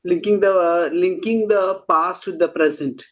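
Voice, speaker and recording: A man's voice: high-pitched, fairly even intonation, lo-fi sound. A man hosting a podcast, asking questions and carefully summarizing his guest's words. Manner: slow, measured, summarizing. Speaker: podcast host. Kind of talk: interview questions.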